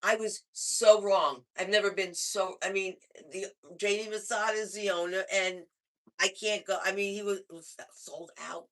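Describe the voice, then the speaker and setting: A man's voice: high voice, normal speed. A man hosting a stand-up comedy night, talking in a loose, rambling emcee patter. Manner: loose, rambling, lively delivery. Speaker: comedy show host.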